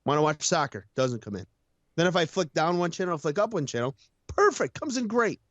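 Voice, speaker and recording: A man's voice: on the high side, lively intonation, fast, dry recording, lo-fi sound. A tired man co-hosting a casual racing chat show, rambling and laughing at himself. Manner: rambling, self-deprecating, laughs often. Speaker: co-host, race announcer.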